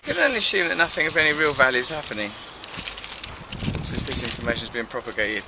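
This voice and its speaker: A man hosting a comic news monologue, mocking the headlines and then dropping into a soft, reflective reading voice. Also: medium pitch, animated, fast talker, reverberant, noisy background. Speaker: host.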